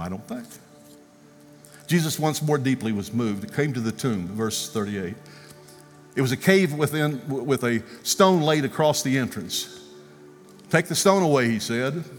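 Animated male preacher in a reverberant church. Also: mid-range voice. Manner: animated storyteller, acting out quotes, ending in prayer. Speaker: guest speaker. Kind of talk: sermon storytelling. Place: church sanctuary. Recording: long reverb, music faintly behind.

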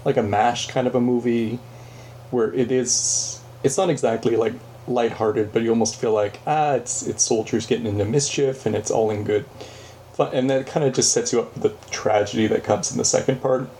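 Laid back guy guesting on a film podcast, mellow warm tone, slight hiss. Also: mid-range voice, fairly even intonation, moderate pace. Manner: easygoing, agreeable. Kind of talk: casual film podcast chat.

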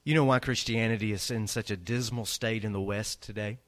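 A man preaching a sermon as pastor, emphatic, swinging between loud peaks and quiet low lines. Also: steady tone, brisk.

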